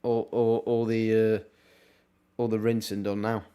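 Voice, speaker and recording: A young man, casually commentating on a football match live for his stream, with wry asides and quick reactions. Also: lowish voice, level tone, warm tone, clear, resonant tone. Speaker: watchalong streamer.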